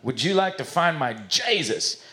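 A man voicing an insistent Southern male preacher who asks slow, drawn-out, pressing questions, with a put-on Southern accent. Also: a little high, sing-song, pushed and bright, voice pushed up. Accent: American Southern.

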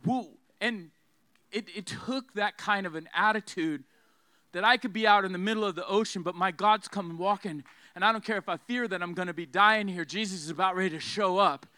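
A man's voice: sits high, fairly quick, bright, forceful tone, no echo. A man preaching a sermon with fiery emphasis, having the congregation repeat his phrases.

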